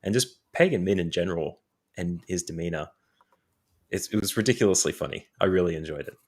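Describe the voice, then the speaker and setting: Male co-host, very low voice, reflective, talks in long stretches. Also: fairly quick, a little mellow, breathy edge. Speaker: podcast co-host. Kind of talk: casual gaming podcast chat.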